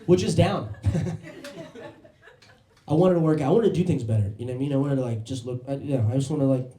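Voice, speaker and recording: Animated stand-up comic in a roomy club. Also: male voice, medium pitch, fast talker. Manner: animated storytelling with voiced impressions. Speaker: stand-up comedian. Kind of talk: stand-up comedy set. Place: comedy club stage.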